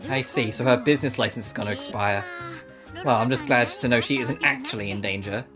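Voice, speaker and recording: A woman voicing a calm, composed female alchemy teacher in a game, speaking in a measured, lecturing way. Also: a bass voice, music in the background, pitched below the performer's own voice.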